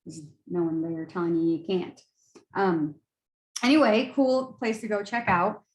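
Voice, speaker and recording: A woman's voice: lowish voice, steady tone, unhurried, a little mellow, roomy sound, low-quality recording. A woman, a college instructor, giving a tired, casual screen-share lecture full of fillers and restarts. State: tired, yawning.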